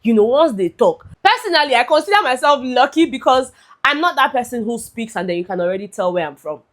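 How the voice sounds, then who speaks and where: A woman's voice: fairly high pitch, expressive, fast. A young Nigerian woman with a Nigerian accent, chatting expressively as a movie reviewer and slipping into pidgin. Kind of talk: casual chat.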